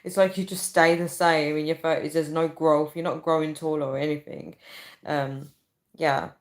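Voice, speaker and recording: Woman in her thirties, deep voice, casual livestream chat, rambling, says "guys" a lot. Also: little pitch movement, normal speed, rough recording. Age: 30s. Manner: chatty, rambling, keeps calling viewers "guys". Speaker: livestream host.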